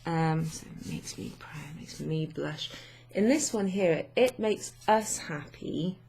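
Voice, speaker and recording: A woman language teacher explaining grammar to her students in an unhurried way, thinking aloud with many fillers. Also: deep voice, lively intonation, creaky, a little mellow, husky.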